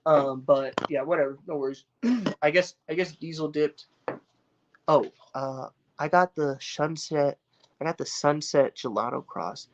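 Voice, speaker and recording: A man's voice: on the high side, measured pace, highs cut off. A man chatting casually on a live stream, rambling and swearing, full of slang and restarts. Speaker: cannabis grower streaming to viewers. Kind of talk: casual livestream chat.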